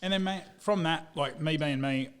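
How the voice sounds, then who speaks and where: At normal speed, this Australian guest in his thirties spins stories for a casual interview in a clear, resonant voice on the high side. The business owner is animated and says "mate" a lot.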